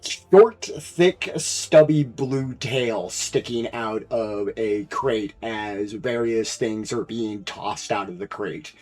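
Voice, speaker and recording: A man narrating a tabletop game as game master in an unhurried, descriptive way with some hesitations. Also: lowish voice, a little mellow.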